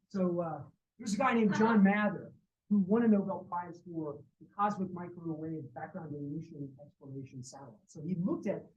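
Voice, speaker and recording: A man giving a university physics lecture, telling lively stories about his colleagues. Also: high-pitched. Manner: lively storytelling, acts out quoted colleagues. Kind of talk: university lecture with personal anecdotes. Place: lecture room. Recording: distant mic with faint background noise.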